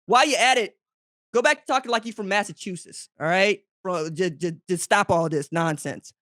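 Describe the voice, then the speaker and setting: Man, podcast host, emphatic trash talk, swings high for emphasis, dry recording. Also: moderate pace, no echo. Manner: animated, emphatic trash talk with big pitch jumps; talks straight to fans in second person. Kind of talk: solo sports podcast monologue.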